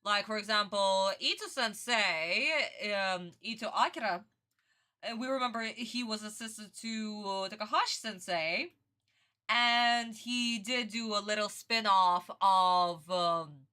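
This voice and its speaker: A woman's voice: medium pitch, measured pace, bright, forceful tone. A woman hosting a reaction video, chatting casually, rambling and laughing often. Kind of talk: casual chat.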